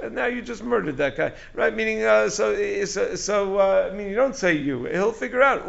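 A man's voice: sits high, lively intonation, a little fast, creaky, hardly any pauses, fairly bright tone. A man giving a Talmud lesson, explaining animatedly in English full of Aramaic and Hebrew terms. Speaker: Talmud teacher giving a daily class. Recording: dull lo-fi recording.

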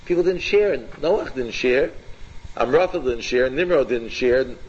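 A man teaching an informal Torah class, animated and repetitive, firing questions at his students by name. His voice sits at a middle pitch. The recording is dull and lo-fi. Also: unhurried, breathy edge.

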